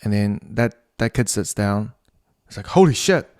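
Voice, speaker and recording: A man's voice: fairly low pitch, flat delivery, a little mellow, smooth. A man with a New Zealand accent hosting a casual solo podcast. He rambles, swears freely and laughs at his own tangents. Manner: rambling, profane, quick to laugh at himself. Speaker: podcast host.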